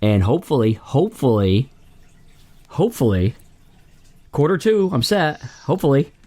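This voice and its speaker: A man's voice: mid-range voice, very animated, moderate pace, darkish tone. A man co-hosting a podcast, talking in an easygoing, agreeable, casual way. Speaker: podcast co-host. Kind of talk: casual chat.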